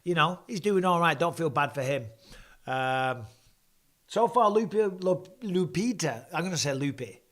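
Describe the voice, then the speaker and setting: A man's voice: a little high, lively intonation, unhurried, fairly bright tone. A middle-aged man, chatting casually and swearing freely as he hosts a live fight watch-along. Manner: chatty, swears casually, reads out viewer comments. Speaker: host and former fighter.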